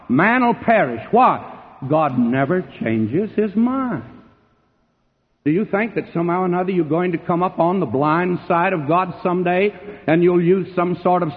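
A man preaches with sweeping emphasis, booming one moment and dropping low the next. His voice sits fairly high for a man. It comes through a thin, phone-like recording with a long reverb trailing off the walls of a big hall. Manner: emphatic, sweeping swings between loud and hushed. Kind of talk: sermon. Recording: tinny narrow-band sound with long hall reverb.

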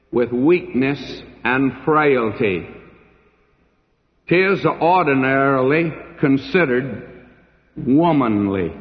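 An older man delivers a sermon in an unhurried, measured cadence, leaning on long pauses for weight. His voice carries through a large hall with a lingering reverb. The recording itself sounds dull and dated. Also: medium pitch. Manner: slow, deliberate preaching with dramatic pauses. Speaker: pastor.

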